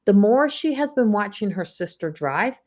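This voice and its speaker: A woman in her fifties, a psychic medium, talking gently and encouragingly on a live stream and laughing often. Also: medium pitch, sing-song, moderate pace. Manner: tells family anecdotes with mimicked voices. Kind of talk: live-stream spiritual talk.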